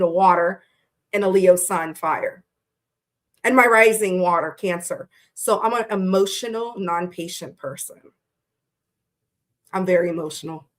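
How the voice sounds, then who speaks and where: A woman's voice: fairly low pitch, fairly bright tone. A woman hosting a live tarot reading, chatting casually with viewers, greeting them by name and swearing freely. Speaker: tarot reader livestream host. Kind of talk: casual livestream chat.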